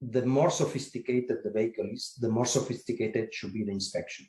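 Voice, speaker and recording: A man, secretary general of an industry association, answering interview questions in a formal, measured way with occasional restarts. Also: medium pitch, dark tone. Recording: roomy echo.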